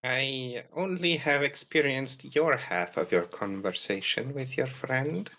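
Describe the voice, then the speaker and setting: A man voicing a solemn adventurer who speaks slowly and formally, in a tabletop game. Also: medium pitch, sharp tone. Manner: slow, deliberate, formal speech. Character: slow gravelly storytelling adventurer, solemn. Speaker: player character.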